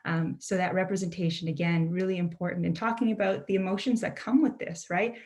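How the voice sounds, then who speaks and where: A woman's voice: on the low side, steady tone, a little fast, darkish tone. A young adult woman from a Mi'kmaq community in Canada, giving an earnest, conversational talk as a poet and author over a video call, often asking "right?" and saying "you know". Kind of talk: online presentation talk.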